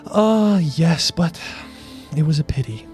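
Man playing a smug high-voiced female schemer, music in the background. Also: expressive, slow pace, darkish tone. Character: haughty scheming female noble villain.

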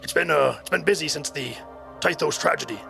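A stern, sturdy commander in his forties speaks in short, rough, rigid phrases, gravelly at the edges, as a man puts him on. The tabletop game narration sits over steady background music. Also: on the high side, brisk, exaggerated voice. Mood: curt. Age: 40s. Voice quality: rough, clipped. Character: gruff middle-aged male military commander, rigid and steadfast.

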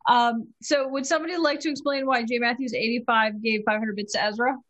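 Woman, slightly high voice, casual stream player, brisk giggly reading. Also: fairly even intonation, a bit bright.

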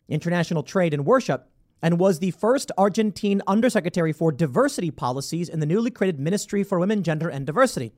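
A man's voice: high-pitched, darkish tone. A man giving casual, sarcastic commentary on news stories, reading passages aloud and reacting with incredulity. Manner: sarcastic, incredulous, breaks into mock voices. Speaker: political commentator.

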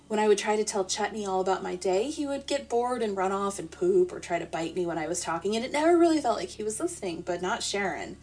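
A woman narrating a playful, deadpan comic sleep story in the first person. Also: mid-range voice, fast, hardly any pauses. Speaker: podcast storyteller.

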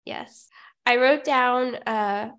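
A woman's voice: a little high, extremely slow, fairly bright tone. A woman co-hosting a podcast, a teacher, chatting and laughing about a TV special. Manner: laughs often, agreeable. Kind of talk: casual chat recapping a TV special.

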